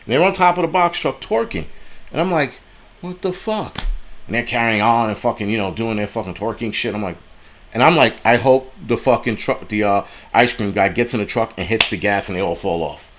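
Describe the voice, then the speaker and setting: A man's voice: fairly low pitch, a little fast, fairly bright tone. A man hosting a live stream, angrily retelling a street argument with lots of swearing and quoted back-and-forth. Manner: profane, heated retelling with quoted dialogue. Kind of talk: angry storytelling on a live stream.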